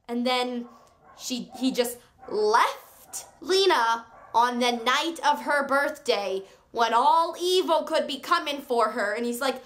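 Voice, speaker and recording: A woman reviewing a book on her video channel, chatting in a gushing, excitable way with sarcastic asides. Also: high-pitched, measured pace. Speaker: book vlogger.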